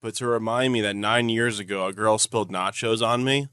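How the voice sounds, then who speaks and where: A young man on a podcast with a lowish voice, rambling through a story with lots of fillers along the way. The recording is dry and close. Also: fairly even intonation, fairly quick, pushed and bright, clear, resonant tone, dry recording. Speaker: podcast co-host. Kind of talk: casual storytelling.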